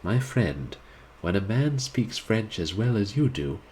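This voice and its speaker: A man's voice: lowish voice, big pitch swings, measured pace, darkish tone, a little hiss or hum, poor audio. A man reading the lines of a stately, condescending senior art student in a storybook, in a grandly formal manner.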